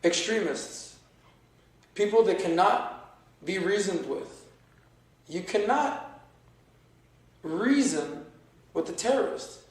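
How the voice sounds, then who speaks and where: A man telling stories as a podcast guest, animated and acting out the dialogue he recalls. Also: high-pitched, slow, pauses often, recorded from a distance. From United States. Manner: animated storyteller who acts out quoted dialogue. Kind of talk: storytelling in a conversational interview. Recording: very echoey room, voice away from the mic.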